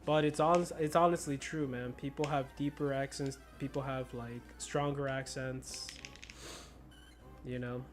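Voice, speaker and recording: A man's voice: mid-range voice, steady tone, unhurried. Young American male streamer, slight Spanish-influenced accent, easygoing slang-heavy chatter, faint background music. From United States. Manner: laid-back, slangy, laughs often. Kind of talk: casual chat while gaming.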